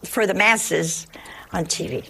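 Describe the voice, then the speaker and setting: Woman preacher, gravelly voice, emphatic and homespun, given to funny anecdotes and hushed asides. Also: fairly low pitch, takes it slowly, slight background noise. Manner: humorous storytelling. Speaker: religious teacher. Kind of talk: folksy sermon with anecdotes.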